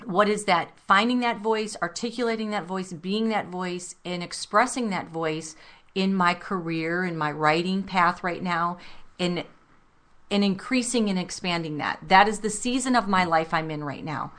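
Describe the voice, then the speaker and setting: A woman's voice: on the low side, moderate pace, fairly bright tone. A woman co-hosting a self-help talk show, speaking earnestly and reflectively and addressing listeners directly. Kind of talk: motivational talk radio chat.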